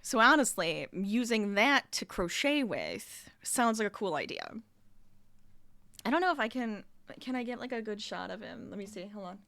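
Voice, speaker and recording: A woman's voice: mid-range voice, expressive, moderate pace, sharp tone, no room sound. A young adult woman streamer chatting casually and laughing often while she crochets at her desk at home. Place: home room.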